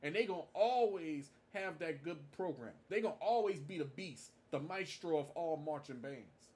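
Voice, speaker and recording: Man, high-pitched, emphatic vlog tribute with lots of repetition. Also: expressive, moderate pace, darkish tone. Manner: emphatic, repeats his points for stress. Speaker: marching band fan vlogger. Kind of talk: casual tribute monologue to camera.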